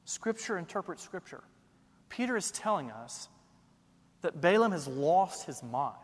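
A man delivers a sermon in a notably high voice. He drives his points home with pointed rhetorical questions and strong emphasis. His words carry a long hall reverb. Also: sing-song, measured pace. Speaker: pastor.

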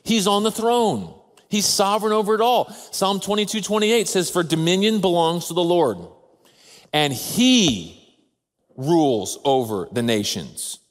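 A man, a father of a toddler, preaching a sermon in an earnest, measured way with slow, emphatic pauses. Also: high voice, lively intonation. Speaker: pastor. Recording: long reverb of a large hall.

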